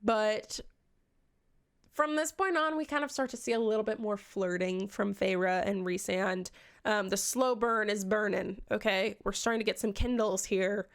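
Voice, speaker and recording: Speaking at normal speed with medium pitch and fairly even intonation, this young book reviewer chats casually through a book recap. She's sarcastic and swears a lot, voicing the characters' dialogue herself.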